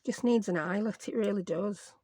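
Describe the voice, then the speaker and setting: A Yorkshire woman, a craft vlogger, chats casually at her desk while running through a tutorial, poking fun at herself and slipping in dialect words. Her voice is medium in pitch, warm and slightly rough, at a moderate pace, with no echo.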